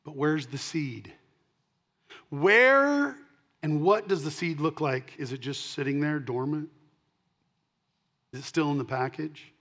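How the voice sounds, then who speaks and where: A middle-aged male pastor preaching a sermon, swinging between loud emphatic punches and quiet asides, and repeating key lines for emphasis. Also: on the high side, animated, slow pace, pauses often.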